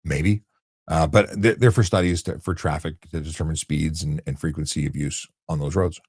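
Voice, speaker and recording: Man, very low voice, blunt casual live Q&A host, conversational with restarts, dry close mic. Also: steady tone, normal speed, darkish tone, breathy edge, dry recording. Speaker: host answering viewer questions.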